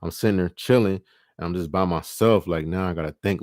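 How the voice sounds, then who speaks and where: Man, young adult, very low voice, casual profane monologue. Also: darkish tone, no echo, studio quality. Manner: loose, profane, acts out both partners in quick quoted bits. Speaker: livestream host.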